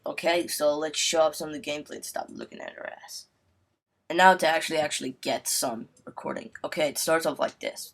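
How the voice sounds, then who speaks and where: A man's voice: a little high, fairly bright tone. A man narrates a casual game review over footage. He wisecracks and wanders off track, with a loose, irreverent, rambling delivery full of fillers. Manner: rambling, joking, full of "I mean, you know".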